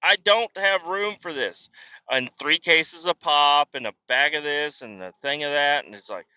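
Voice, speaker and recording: A man's voice: medium pitch, sharp tone, dry recording, muffled recording. A man hosting a casual podcast, rambling through family stories in a profane, self-deprecating way while on the road. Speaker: podcast host. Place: car.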